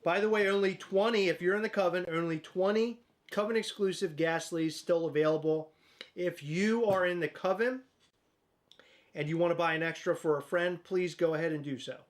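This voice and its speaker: A man's voice: sits high, fairly even intonation, moderate pace. A man hosting a casual livestream, playful and jokey. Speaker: livestream host.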